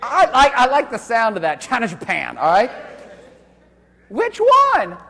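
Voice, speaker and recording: Male lecturer, high and expressive, loud, jokey and crude, recorded live in a reverberant hall. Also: measured pace, creaky. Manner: loud, animated, joking and profane. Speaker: university lecturer. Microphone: handheld microphone.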